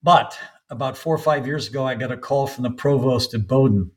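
An older man from North Carolina, a soccer coach guest on a podcast, telling long anecdotes with frequent pauses. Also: mid-range voice, rough recording. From North Carolina, USA. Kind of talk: podcast interview storytelling.

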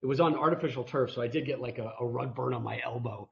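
A man's voice: mid-range voice, fast talker, vocal fry, fairly bright tone. A man telling a rambling, self-mocking story as a guest on a video call interview. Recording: muffled video call audio.

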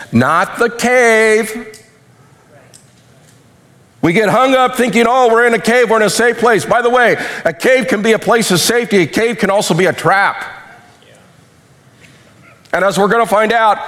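A man preaching a sermon with animated delivery, acting out quotes, while losing his voice. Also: high voice. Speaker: pastor.

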